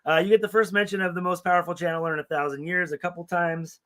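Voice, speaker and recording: A man's voice: high voice, little pitch movement, fast, bright, forceful tone. A man co-hosting a podcast, talking in a loose, ranting way and swearing a lot. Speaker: podcast co-host. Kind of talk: casual profane chat.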